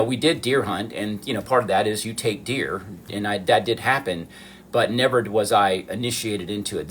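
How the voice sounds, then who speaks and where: With slight background noise behind him, the miniature artist from the American South chats earnestly to his stream viewers. His voice is on the low side, with a fairly bright tone.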